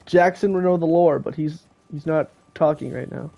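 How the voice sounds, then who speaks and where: A man's voice: on the high side, steady tone, normal speed, gravelly, warm tone. A teenage boy streaming a video game, joking and chatting casually with friends on a call. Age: teens. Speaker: gaming streamer. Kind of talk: casual live-stream commentary.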